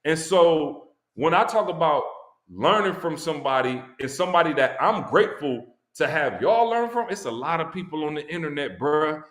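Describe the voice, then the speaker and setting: Speaking at a moderate pace in a roomy-sounding space, a man with a fairly high voice shares a heartfelt story about a friend. He's a guest on a launch stream, slangy and emphatic, and his voice goes up when he's excited.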